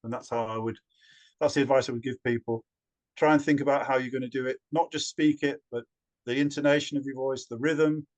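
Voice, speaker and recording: A man who works as a storyteller, answering interview questions in an animated way with many repeated words and restarts. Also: mid-range voice, fairly quick.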